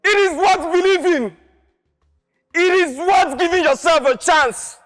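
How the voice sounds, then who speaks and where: A man's voice: very high-pitched, measured pace, fairly bright tone, in a large hall, soft background music. A male acting contestant performing a stage monologue as an impassioned man urging people never to give up, delivered in a preachy, rousing way.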